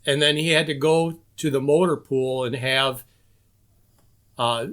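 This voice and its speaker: A man's voice: mid-range voice, a little slow, fairly bright tone. A man guesting on a podcast, telling stories about old episodes in casual chat. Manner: storytelling, enthusiastic recollection.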